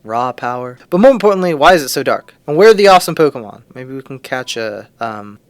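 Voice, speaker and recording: A man's voice: on the high side, expressive, fast, no echo. A young man giving casual gameplay commentary with joking, rambling asides. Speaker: let's play host.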